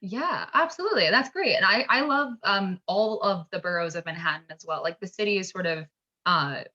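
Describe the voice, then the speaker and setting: A woman's voice: mid-range voice, lively intonation, brisk, sharp tone. A young woman from upstate New York chatting casually as a podcast guest, often laughing and saying "like". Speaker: podcast guest, actor and comedian. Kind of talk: casual chat. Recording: dull lo-fi sound.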